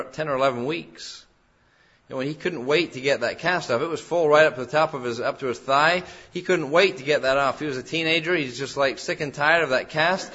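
A man's voice: on the high side, sharp tone, breathy edge. A man preaching a sermon in an earnest way that rises to emphatic peaks. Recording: dull lo-fi sound.

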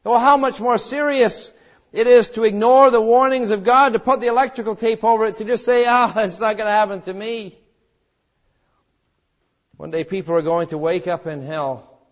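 A man preaching a sermon in an emphatic way, swinging between loud exhortations and quiet, low passages. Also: brisk, lo-fi sound. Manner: emphatic preaching with wide swings in pitch and loudness.

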